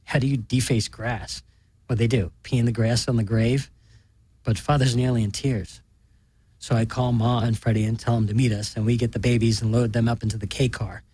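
A man reading a story aloud in a deadpan, matter-of-fact way. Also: mid-range voice, a little fast, slightly rough, no room sound. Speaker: narrator.

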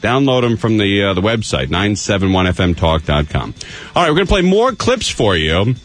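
A man hosting a live talk radio show from the studio, chatty and quick to laugh. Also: lowish voice, very animated, faint music behind. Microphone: studio broadcast microphone.

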